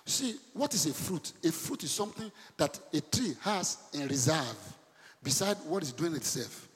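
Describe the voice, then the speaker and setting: A man preaching a sermon to a congregation, animated, quizzing his listeners and breaking into laughter and loud outbursts. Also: fairly high pitch, moderate pace. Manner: animated preaching, sudden shouts and laughs, asks the congregation questions. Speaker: pastor. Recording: long hall reverb.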